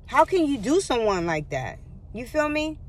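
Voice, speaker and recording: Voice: high voice, big pitch swings, normal speed. A vlogger earnestly recounting a painful personal testimony straight to viewers, often repeating and restarting phrases. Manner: earnest and repetitive, stumbles and restarts, speaks directly to viewers as "y'all". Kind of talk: emotional personal testimony to camera.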